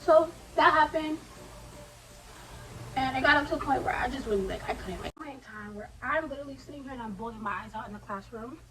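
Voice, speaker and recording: Young woman, casual slangy storyteller; sharp high voice, a bit off-mic in a quiet room. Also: a little fast, recorded from a distance, a little hiss or hum, poor audio. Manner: slangy, animated retelling with quoted asides. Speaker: vlogger.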